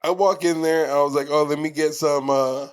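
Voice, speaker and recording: Man, podcast co-host, casual profane chat, rambling stories, fairly high voice. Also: fairly even intonation, normal speed. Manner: profane, rambling, storytelling with restarts.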